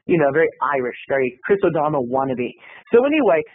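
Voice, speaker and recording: A man's voice: fairly high pitch, sing-song, fast, breathy edge. A man telling a comedy story in an over-the-top, dramatic way, addressing his viewers. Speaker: comedy video blogger. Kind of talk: comic storytelling monologue. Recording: tinny, phone-like, dry sound.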